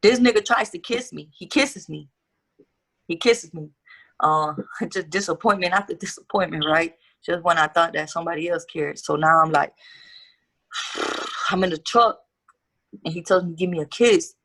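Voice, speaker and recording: Gravelly-voiced woman telling a hard story. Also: fairly low pitch, normal speed, pauses often, fairly bright tone. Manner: candid, profane, street slang. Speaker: guest. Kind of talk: casual storytelling interview.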